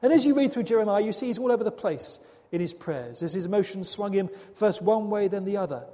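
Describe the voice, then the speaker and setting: High-voiced earnest male preacher. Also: animated, quick pace, mellow. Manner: earnest, dramatic, with rhetorical questions. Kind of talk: sermon. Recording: long hall reverb.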